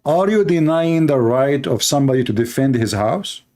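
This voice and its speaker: A man's voice: mid-range voice, animated, moderate pace, mellow. Angry man ranting in broken English. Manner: angry, insulting, argumentative; broken, non-standard English grammar. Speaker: commentator reacting to a news clip. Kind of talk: heated reaction commentary.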